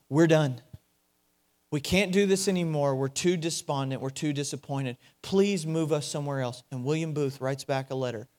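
High-voiced preacher, emphatic and repetitive. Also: male voice. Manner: dynamic, swings from loud emphasis to hushed; repeats key phrases for emphasis. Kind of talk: sermon.

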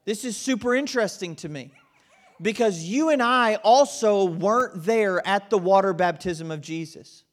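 Guy preaching in an auditorium, kinda high voice, chatty, keeps saying right?. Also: normal speed. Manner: conversational preaching with frequent "right?" asides. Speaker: pastor. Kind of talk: sermon.

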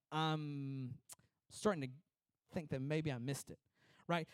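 High-voiced man preaching conversationally. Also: no room sound. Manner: conversational, acts out prayers in lively voices. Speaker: pastor. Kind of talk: sermon.

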